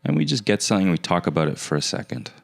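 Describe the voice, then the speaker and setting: A man's voice: low-pitched, sing-song, rapid-fire, vocal fry, no room sound. A man hosting a casual comedic chat show, teasing his guest with dry humor. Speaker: podcast host.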